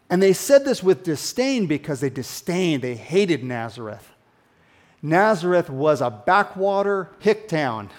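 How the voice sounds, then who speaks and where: A man preaching a sermon in a conversational, animated way, often dropping into hushed emphasis. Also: on the high side, measured pace. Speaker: pastor.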